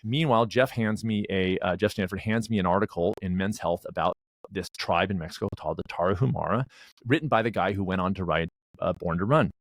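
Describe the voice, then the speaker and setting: A man's voice: low voice, fairly quick, no room sound. A middle-aged man in a casual interview, telling a rambling story and acting out bits of dialogue. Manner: rambling storyteller, acts out dialogue, many restarts. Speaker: wellness director and race director.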